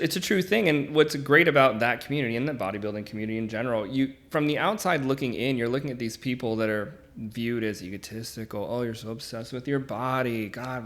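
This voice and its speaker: Encouraging male podcast host, mid-pitched. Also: a bit bright. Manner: encouraging, reflective. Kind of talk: casual conversation.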